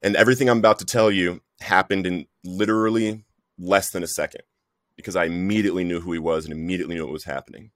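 A man's voice: sits low, steady tone, fast, a bit bright, no room sound, studio quality. A man giving an earnest, emotional personal testimony in conversation, often calling the listener "bro". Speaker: guest sharing recovery story.

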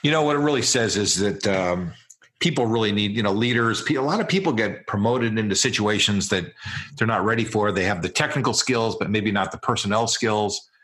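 A man's voice: lowish voice, a little fast, fairly bright tone. A man hosting a podcast interview, asking musing, hesitant questions. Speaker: podcast host.

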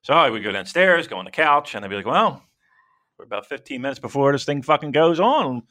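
A man's voice: mid-range voice, brisk. A man co-hosting a casual podcast, rambling and swearing freely as he talks wrestling. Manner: profane, rambling, animated. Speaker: podcast co-host.

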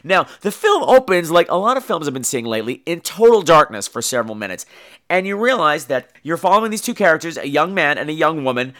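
Male podcast host, high voice that swings all over, wisecracking film reviewer. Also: fast. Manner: animated, jokey and profane. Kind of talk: casual film review monologue.

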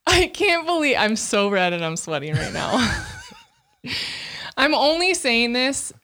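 A woman's voice: fairly high pitch, sing-song, slow pace, pushed and bright. A woman in her thirties co-hosting a podcast, speaking openly and emotionally, with frequent laughs and fillers. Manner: open, emotional, laughs often, many fillers. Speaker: podcast co-host. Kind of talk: candid casual chat.

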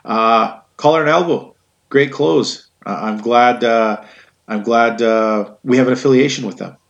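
A man's voice: mid-range voice, a little slow, creaky, muffled recording. A man hosting a podcast, chatting casually and rambling, with frequent "uh" fillers. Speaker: podcast host.

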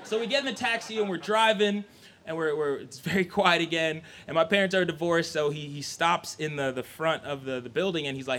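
A young adult man telling a personal story live, animated and laughing, acting out voices. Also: a little high, fairly quick.

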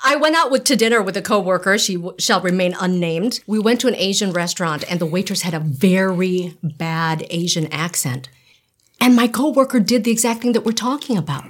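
A woman's voice: mid-range voice, animated. Woman host, chatty, laughs easily, studio interview. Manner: chatty, laughs often, quick banter. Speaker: podcast host, former TV news reporter.

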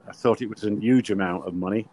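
An older man who used to be a referee shares anecdotes on a podcast interview, acting out the dialogue as he goes. His voice is lowish and his pace quick, and he comes across as a lively storyteller.

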